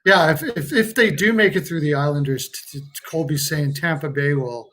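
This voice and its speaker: A man's voice: a little high, normal speed, a bit bright. A young man hosting a casual live hockey chat, rambling and reading out viewer comments. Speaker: podcast host.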